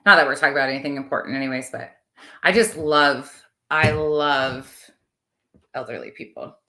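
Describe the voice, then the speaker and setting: A woman's voice: very deep voice, normal speed, sharp tone. A woman in her thirties chatting casually on a livestream, rambling and talking to her viewers. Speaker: livestream host.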